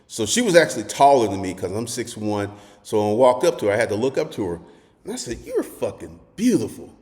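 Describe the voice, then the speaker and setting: A man gives dating advice in a blunt, profane monologue. His voice swings widely in pitch as he spins stories and sometimes bursts into shouting. The sound carries a long reverberant tail from the room. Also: quick pace. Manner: crude, animated storytelling, swings to shouting.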